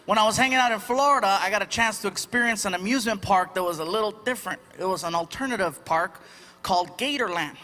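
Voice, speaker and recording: A man doing a stand-up comedy routine, telling stories in an animated way and acting out other people's voices. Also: high voice, quick pace, soft background music. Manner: animated storytelling, acts out voices. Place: comedy stage before a live audience. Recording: live stage audio with audience noise.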